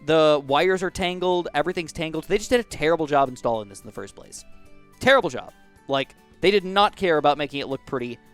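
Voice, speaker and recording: This gaming YouTuber, a man in his twenties with a clean, medium-pitched voice, chats casually over gameplay. He rambles through anecdotes and acts out what people said.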